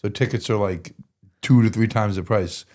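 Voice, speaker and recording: A man's voice: lowish voice, normal speed, a little mellow. Rambling male podcast guest. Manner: rambling, full of "like" and restarts. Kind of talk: casual storytelling.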